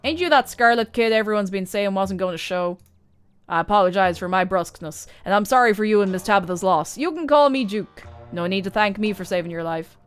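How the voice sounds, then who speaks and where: A woman voicing a gruff older male mountain hunter in a story game, with a blunt, folksy drawl over faint music. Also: mid-range voice, brisk, lightly acted.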